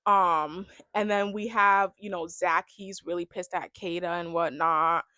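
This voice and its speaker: A woman's voice: fairly low pitch, fairly even intonation, measured pace, bright, forceful tone, no room sound, clean studio sound. A young woman giving a casual, rambling recap of a reality show, filling her talk with "like" and "you know.". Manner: chatty, rambling, heavy use of "like". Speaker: reality TV reaction vlogger.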